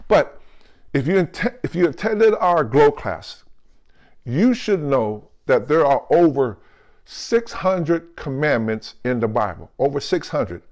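A male pastor preaching a lively, jokey sermon, who keeps calling out to the congregation and slows down to stress scripture words. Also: on the high side. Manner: calls out to the congregation with questions like "right?" and "come on".

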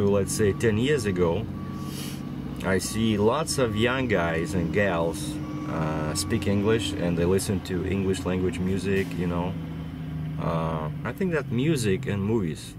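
A man's voice: fairly low pitch, background noise. A man who drives trucks, with a cold and a runny nose, chatting on at length with lots of fillers and restarts. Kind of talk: casual vlog storytelling. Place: inside a truck cab.

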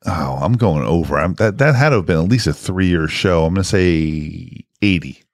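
A man with a very low voice co-hosts a casual movie podcast. He jokes, reminisces and guesses at trivia out loud. The sound is dry and close, with no room echo. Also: expressive, normal speed. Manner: jokey, reminiscing, guesses aloud. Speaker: podcast co-host.

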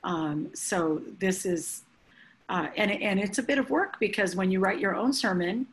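A woman, a church leader hosting a preaching class over a call, gushing and excited as she speaks. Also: mid-range voice, a little slow, low-quality recording. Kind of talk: enthusiastic informal hosting on a call.

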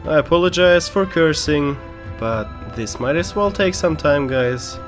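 A man's voice: fairly high pitch, animated, a little slow, over music. A young man with a German accent, hosting a gaming channel and ranting with frequent swearing as he waits in a queue. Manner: swearing, exasperated outbursts. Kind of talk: ranting gameplay commentary.

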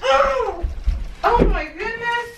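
A young woman, a mother who vlogs about her family, coos at her daughter at home in playful, teasing baby talk. Her voice is extremely high and animated, with stretched-out words and a gushing, sing-song manner. The room echoes, the camera sits at a distance, and there's background noise.

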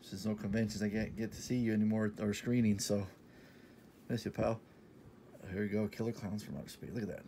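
A man in his thirties talking casually in a shopping haul vlog, enthusiastic and repetitive, sometimes dropping to a soft half-whisper. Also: fairly low pitch, level tone, a little fast, slight background noise. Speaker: vlogger showing a shopping haul.

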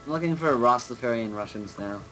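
A man's voice: mid-range voice, animated, quick pace, pushed and bright, soft background music, low-quality recording. A man streaming a city-building game, chatting in a rambling, profane way full of filler words. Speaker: let's play streamer. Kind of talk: casual gaming chat.

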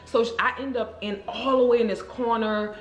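A woman vlogger telling a story to her viewers in a casual, animated, emotional way, calling them girl and y'all. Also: fairly high pitch, normal speed. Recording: roomy echo with faint music.

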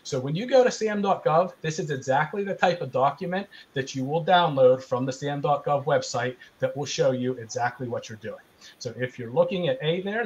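A man's voice: on the high side, darkish tone, highs cut off, a little hiss or hum. Earnest man teaching a webinar class. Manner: earnest, emphatic, conversational teaching. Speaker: small business procurement specialist presenting. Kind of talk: online webinar presentation.

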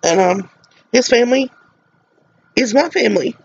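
A woman's voice: on the high side, expressive, moderate pace, vocal fry, husky. A middle-aged woman with a Southern American drawl talks straight to camera, earnest and emotional. She preaches from her soapbox with heartfelt conviction. The recording is dull and lo-fi, like a home video. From Mississippi, USA. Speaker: vlogger.

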